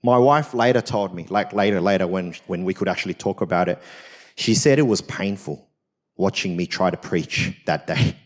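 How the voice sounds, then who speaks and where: A man's voice: sits low, normal speed. A man, a senior pastor at a church service, preaching a personal story in a conversational, self-mocking way with frequent tag questions.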